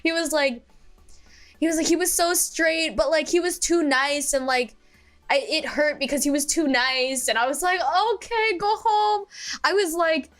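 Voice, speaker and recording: Young streamer, high voice, chatty rambler with giggles, faint music. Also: female voice, moderate pace, fairly bright tone. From United States. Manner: rambling storytelling, full of fillers and giggles. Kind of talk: casual chat.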